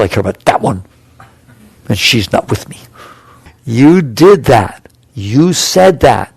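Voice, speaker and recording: A man's voice: mid-range voice, creaky, darkish tone, no echo. A man speaking as a spiritual teacher to a live audience, conversational and emphatic, asking rhetorical questions and repeating points for stress.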